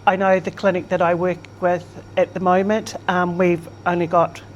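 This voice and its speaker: An older woman speaking as an interview guest in a relaxed, reflective conversation, laughing easily as she talks. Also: lowish voice, normal speed, lo-fi sound, a little hiss or hum. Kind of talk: casual conversation.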